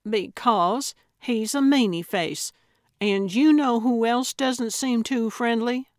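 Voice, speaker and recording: A woman's voice: mid-range voice, slow pace, gravelly, no room sound, studio quality. A woman narrator voicing a stubborn, eccentric elderly woman sleuth who talks in an indignant, childish, proud way.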